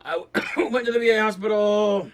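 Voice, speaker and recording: A man rambling through a jokey casual monologue, coughing often and breaking into sudden loud outbursts. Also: high voice, steady tone, moderate pace. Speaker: vlogger. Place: Los Angeles.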